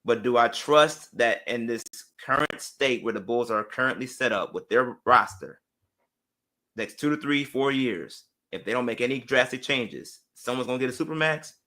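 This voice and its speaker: A man's voice: mid-range voice, moderate pace, pushed and bright. A man appearing as a guest on a sports talk show, giving opinionated takes. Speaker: guest analyst.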